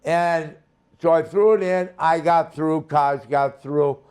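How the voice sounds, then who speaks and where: Older guest from Minnesota, high-pitched and unhurried, blunt and salty. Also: male voice, steady tone, a little mellow, smooth. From Minnesota, USA. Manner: blunt, profane, heated storytelling. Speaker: guest, former wrestler. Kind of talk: storytelling interview.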